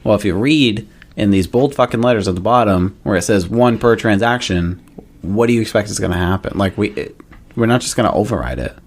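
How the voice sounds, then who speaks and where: A man's voice: on the low side, fairly quick. A man co-hosting a podcast, ranting emphatically about rules and customers in casual chat. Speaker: podcast co-host.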